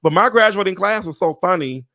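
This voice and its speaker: A man in his forties hosts a casual live chat, swinging his voice high and low with a gravelly edge. He tells stories with big animated energy and leaps into squeaky voices to quote people. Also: brisk. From Pontiac, Michigan. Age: 40s. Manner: animated storyteller, jumps into high voices when quoting people. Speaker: host.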